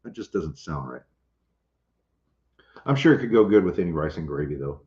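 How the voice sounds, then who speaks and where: A deep, darkish male voice with lively intonation and a moderate pace belongs to a homestead channel host. He's running a relaxed livestream, bantering with viewers and reading comments. The recording is lo-fi, roomy and dull.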